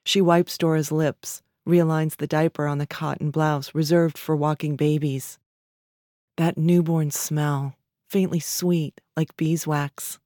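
A woman narrating literary fiction in a measured, even storytelling manner. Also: low-pitched, no room sound, clean studio sound.

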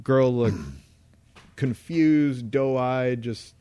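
A man co-hosting a casual podcast, telling a story in a lively way and acting out the voices of the people in it. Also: mid-range voice, drawn-out words, smooth, no echo. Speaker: podcast co-host.

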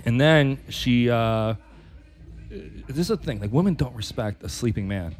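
A man's voice: medium pitch, lively intonation, a little slow, a little mellow, faint music behind. A man co-hosting a podcast, telling a personal story in a rambling way, repeating words and laughing often. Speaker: podcast co-host. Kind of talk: casual chat, telling a sex story.

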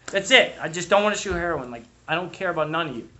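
Sharing his recovery story before an audience, this young Bostonian rambles in a thick local accent, swearing and peppering his talk with "dude" and "like." He sounds a little high, expressive, fast, bright and forceful, though the recording cuts off the highs.

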